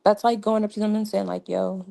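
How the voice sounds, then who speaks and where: A woman's voice: mid-range voice, fairly even intonation, quick pace, vocal fry, mellow. A young woman hosting a casual livestream, chatty and laughing often, with many fillers. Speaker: livestream host.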